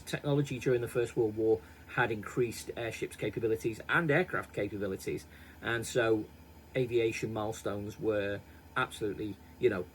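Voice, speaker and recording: A man's voice: lowish voice, slight background noise, poor audio. A man hosting a daily history channel, talking in a rambling, self-mocking way with chatty asides. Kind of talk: casual daily history chat.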